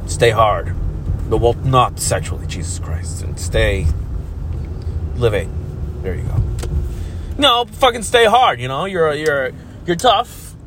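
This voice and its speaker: A man hosting a rambling solo podcast while driving, talking crudely and swinging from shouts to mumbles. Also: mid-range voice, animated, slow pace, pauses often. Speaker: podcast host. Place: inside a car. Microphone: phone held to face. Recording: faint road noise in a car.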